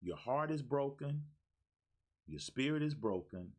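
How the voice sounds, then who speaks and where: A man's voice: medium pitch, animated, unhurried. A man who is a life coach, giving a preachy, repetitive motivational talk on a live stream and calling out viewers by name.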